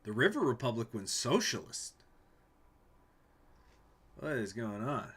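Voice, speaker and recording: A man's voice: mid-range voice, sing-song, a little slow, a bit bright, breathy edge. A man streaming a strategy game from home, reading event text aloud and rambling to his chat with jokey asides. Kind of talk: casual gameplay commentary, reading event text.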